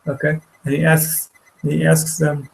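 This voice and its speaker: Gravelly man retelling a story haltingly. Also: a little high, level tone, rough recording. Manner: halting, repeats words, many restarts. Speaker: teacher. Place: study hall.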